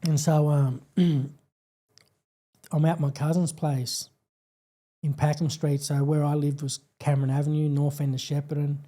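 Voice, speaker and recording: Speaking as a podcast guest, this Australian man haltingly and earnestly recounts something painful he lived through, often restarting and using fillers. His pitch is a little high and his tone is warm.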